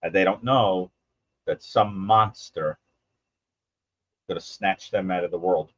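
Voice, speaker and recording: A man with a low, deep voice speaks as a livestream guest over a video call. He is grave and measured. The sound is dull and lo-fi, close and dry. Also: no echo. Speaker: panel guest. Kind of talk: livestream panel chat.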